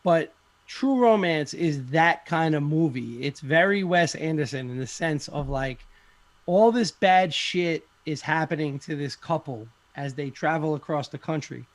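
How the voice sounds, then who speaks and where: A man's voice: fairly high pitch, a little slow, dry recording. A man chatting casually on a podcast, rambling with lots of fillers and frequent swearing. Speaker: podcast participant.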